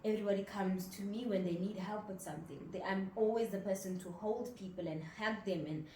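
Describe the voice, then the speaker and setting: A young woman from South Africa who talks about her feelings in a candid, matter-of-fact way. Her voice is mellow and warm. The recording has a roomy echo and a faint hiss. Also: medium pitch, brisk. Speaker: podcast co-host, daughter. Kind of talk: casual heart-to-heart chat. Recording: echoey room with faint noise.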